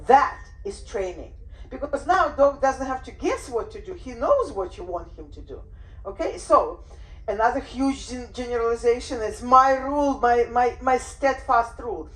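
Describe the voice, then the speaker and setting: Woman dog trainer, fairly high voice, roomy echo, animated. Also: moderate pace. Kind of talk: workshop talk. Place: room on a cruise ship.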